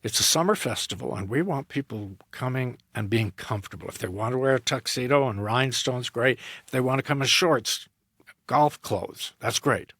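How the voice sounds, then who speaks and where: A man's voice: mid-range voice, normal speed, husky, no room sound, studio quality. A man, an opera director and tenor, telling a story in a podcast interview and acting out both sides of a remembered conversation. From United States. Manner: animated anecdote, acting out both sides of a dialogue.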